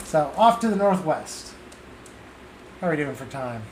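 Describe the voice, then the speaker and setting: Streamer with dry asides, lively pitch. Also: measured pace, roomy sound, a little hiss or hum. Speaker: streamer playing a game. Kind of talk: casual game commentary.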